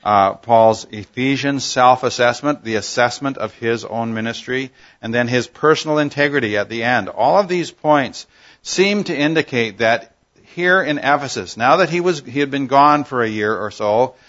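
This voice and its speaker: Unhurried male Bible teacher, muffled. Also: mid-range voice, a bit bright. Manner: unhurried, thoughtful, with frequent "uh" pauses.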